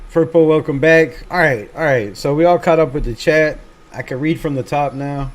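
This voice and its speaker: The host of a fan channel livestream, a man with a slightly high voice, chats at a normal speed and reads viewer comments aloud. He keeps it laid-back, swears, and pokes fun at himself.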